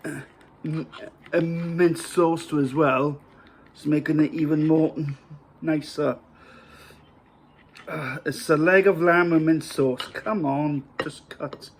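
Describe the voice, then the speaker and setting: A man's voice: on the high side, slight background noise. A man from Wales with a Welsh accent, talking casually to camera about his meal at home, rambling and hesitant with many fillers. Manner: rambling, hesitant, self-mocking. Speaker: vlogger. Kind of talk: casual to-camera food vlog.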